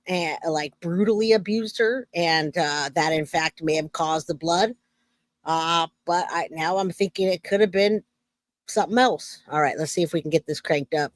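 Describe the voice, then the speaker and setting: A woman's voice: on the low side, dry recording. A woman hosting a casual true crime livestream, chatting and reading out viewer comments.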